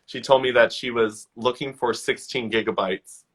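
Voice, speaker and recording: Bright-voiced male podcast host, animated. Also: mid-range voice, normal speed, breathy edge, poor audio. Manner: animated, acts out quoted people with a raised voice. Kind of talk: casual chat, telling funny work stories.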